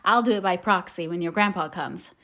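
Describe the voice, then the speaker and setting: An impulsive, tender-hearted teenage girl from a classic novel, voiced by a woman reading aloud. She swings between heavy sighs and bright, high-pitched outbursts. It is a plain audiobook reading of a storybook character. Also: brisk. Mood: flustered. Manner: emotional, breaks into high excited cries. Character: passionate tomboyish teenage girl, warmhearted.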